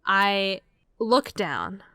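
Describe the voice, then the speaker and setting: A woman co-hosting a casual podcast, telling a story with lots of swearing and acted-out shouted quotes. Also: mid-range voice, very slow, no echo. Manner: animated, swears a lot, acts out shouted quotes. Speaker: podcast co-host.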